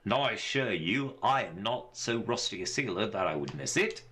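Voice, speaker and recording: A man voicing a gruff old male sailor while reading game dialogue aloud. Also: on the low side, sing-song, normal speed, sharp tone, slight background noise. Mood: assured.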